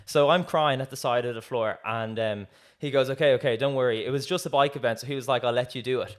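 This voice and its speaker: Guy cohosting a podcast, chatty storyteller, acts out the voices, mid pitch. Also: fast talker. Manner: lively, acts out quoted dialogue, laughs often. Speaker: podcast co-host. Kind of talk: casual storytelling chat.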